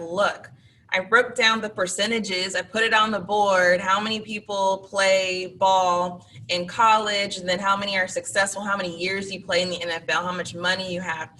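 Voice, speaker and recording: A woman tells classroom stories as a guest on an interview show, chatty and lively, and she voices her students as she goes. Her tone is bright and forward. She sits back from the mic, and a faint hiss of noise runs under her voice. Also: mid-range voice, recorded from a distance, rough recording. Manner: chatty anecdotal, acts out students. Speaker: teacher guest. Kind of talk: interview storytelling.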